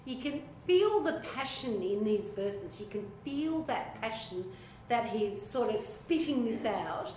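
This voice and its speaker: A woman's voice: fairly high pitch, measured pace, slight background noise. Chatty woman leading a Bible study. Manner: animated, chatty, acts out voices of biblical figures. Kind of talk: group Bible study discussion. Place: echoey room with a small group. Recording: echoey room recording.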